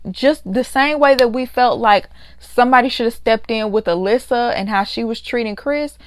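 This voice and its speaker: A woman's voice: fairly high pitch, moderate pace, smooth, no room sound. Exasperated woman ranting about reality TV. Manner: exasperated, quotes others in mocking voices. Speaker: YouTube reality TV reviewer. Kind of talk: casual recap rant.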